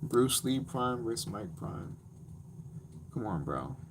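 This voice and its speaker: Young male streamer, casual slangy rambler, mid-pitched voice. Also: sing-song, slow pace, background noise. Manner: rambling, slangy, laughing storyteller. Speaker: live streamer. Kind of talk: casual live-stream chat.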